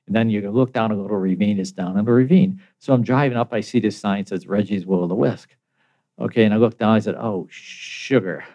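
Older American man telling a lively story. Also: on the low side, muffled recording. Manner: animated, laughs often, acts out quoted voices. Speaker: guest. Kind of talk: casual storytelling.

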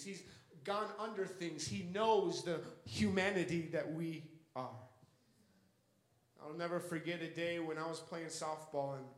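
High-voiced preaching man, echoey. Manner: impassioned, repetitive preaching cadence. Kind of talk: sermon.

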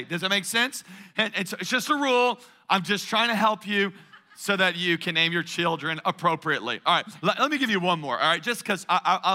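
A man, preaching a sermon as pastor, joking and animated and calling on the congregation for responses. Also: high voice.

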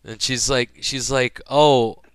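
A young man casually telling a hospital story, profane and animated, acting out the people he quotes. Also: medium pitch, moderate pace, clear, resonant tone, no room sound.

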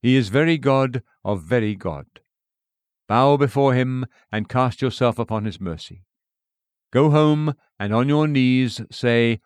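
A man's voice: mid-range voice, lively intonation, no echo. Earnest man reading a sermon. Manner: earnest, emphatic preaching with dramatic pauses. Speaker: sermon reader. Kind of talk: read-aloud sermon.

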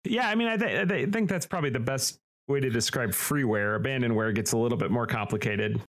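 A man's voice: medium pitch, fast, a bit bright. A man with a West Central Illinois accent, co-hosting a podcast with goofy, jokey banter. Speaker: podcast co-host.

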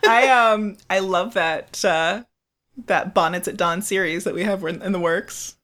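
A woman's voice: medium pitch, measured pace, a bit bright. A woman hosts a podcast in easygoing, casual conversation. She talks in a bubbly way and scatters fillers through her sentences. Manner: bubbly, lots of "like" and "um". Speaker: podcast host. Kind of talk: casual chat.

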